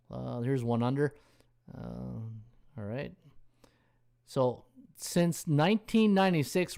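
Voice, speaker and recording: A man's voice: mid-range voice, creaky, a little mellow. A man hosts a loose live-stream Q&A on sports betting, rambling and thinking aloud as he searches through games. He reads out viewers' comments and thanks them, with an ordinary mid-range voice. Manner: rambling, thinks aloud while scrolling stats. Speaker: sports betting handicapper and host.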